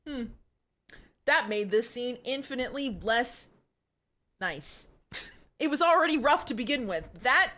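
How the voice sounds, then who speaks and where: A woman's voice: a little high, fairly bright tone. A woman streamer reading a story aloud and joking about it, giggly and self-mocking. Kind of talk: reading smut aloud with live commentary.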